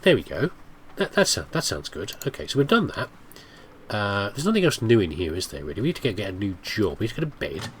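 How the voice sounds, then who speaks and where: This gameplay commentator from the UK is very animated and quick, rambling chattily through a casual let's play despite a cold. His fairly low voice comes out nasal and blocked up, with a little hiss or hum in the recording.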